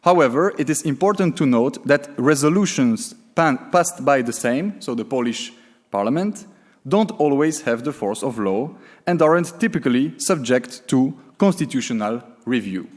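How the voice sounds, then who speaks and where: A man's voice: mid-range voice, expressive, moderate pace. A man giving a prepared conference talk, reading from notes with frequent fillers and self-corrections. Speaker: conference speaker. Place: conference hall. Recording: long reverb of a hall.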